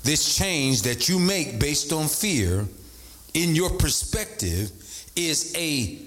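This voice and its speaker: A man preaching a sermon as a bishop, animated, repeating his points and calling out to the congregation. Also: slow, faint music behind. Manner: animated preaching, voice leaping up in pitch for emphasis; repeats phrases and calls out to the congregation. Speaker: bishop and pastor.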